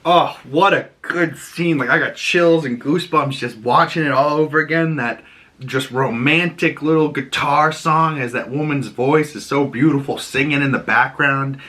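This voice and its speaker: A man hosting a casual TV episode breakdown, talking excitedly in a rambling way and cracking crude jokes, with a Boston accent. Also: on the high side, moderate pace. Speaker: video host.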